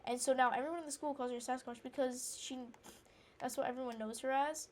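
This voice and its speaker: A woman's voice: high-pitched, steady tone, a little fast, darkish tone. A woman rambling through an indignant personal story while playing a game, with lots of fillers and restarts. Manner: breaks off to react to the game. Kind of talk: casual storytelling chat.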